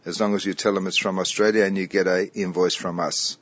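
A man's voice: deep voice, flat delivery, a little fast, fairly bright tone, lo-fi sound. A man who owns a butcher shop, answering interview questions in a matter-of-fact, reassuring way.

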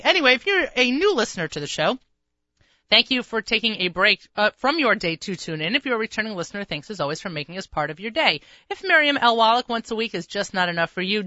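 A radio host, a woman who chats in a rambling, storytelling way with plenty of quick asides. Her voice is bright and forceful, recorded dry in a studio with a slightly muffled top end. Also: on the high side, no echo. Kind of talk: casual radio chat.

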